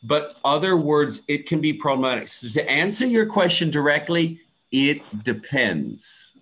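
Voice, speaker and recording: A man's voice: on the high side, sing-song, a little slow, fairly bright tone. A man from the USA, an English pronunciation teacher, patiently answering student questions on a video call. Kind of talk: answering questions in an online class.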